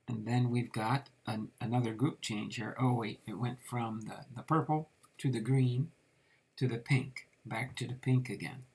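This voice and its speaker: Man, card collector host, slow rambling delivery, husky gravelly voice. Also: medium pitch, fairly even intonation, a little mellow. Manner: slow, rambling, with frequent fillers while reading names off cards. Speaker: trading card collector reviewing a set. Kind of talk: casual card review.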